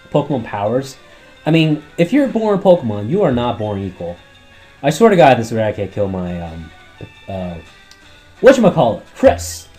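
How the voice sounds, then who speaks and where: A man commentating his gameplay run, rambling and swearing often, his throat worn from yelling at the screen. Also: mid-range voice. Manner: rambling, heavy swearing, talks back at the game. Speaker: let's play host.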